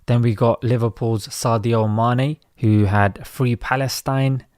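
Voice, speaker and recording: A man's voice: mid-range voice, fairly even intonation, slow pace, darkish tone, no echo. Man giving dry, conversational commentary. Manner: conversational, opinionated. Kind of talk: commentary reading social media posts.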